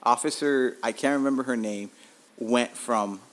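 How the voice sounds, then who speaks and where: Speaking at a measured pace in a mid-range voice, this man hosts a storytelling podcast. His casual monologue is animated and full of swearing, with quotes acted out as he goes.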